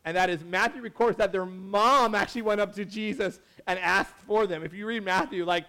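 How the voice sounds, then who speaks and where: High-pitched, bright, and forceful, this pastor speaks fairly quickly in a steady tone. He preaches conversationally, saying "like" a lot, correcting himself often, and acting out the people he quotes.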